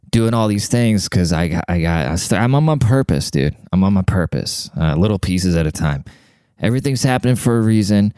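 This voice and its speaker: A man in his thirties talking quietly in a rambling, profane casual monologue, keeping his voice down to a near whisper. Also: low-pitched, clear, resonant tone, dry recording. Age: 30s. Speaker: vlogger.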